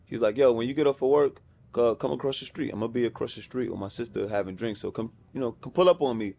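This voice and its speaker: A man's voice: mid-range voice, quick pace, gravelly, dark tone, a little hiss or hum. A man from Brooklyn with a New York accent, a podcast guest telling a story in casual slang and acting out the voices of people he quotes. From Brownsville, Brooklyn, New York. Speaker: podcast guest, music executive.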